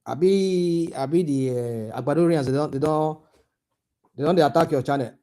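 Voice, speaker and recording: Impassioned Nigerian man, dark voice. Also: fairly high pitch, normal speed. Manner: impassioned, repetitive, asks pointed questions. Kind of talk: heated political commentary.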